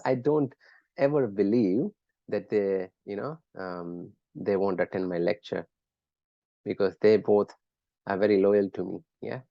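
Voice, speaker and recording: A man's voice: on the low side, vocal fry, mellow, dry recording, muffled recording. A man teaching a live online class, chatting with students and quizzing them by name in an encouraging way. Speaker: lecturer.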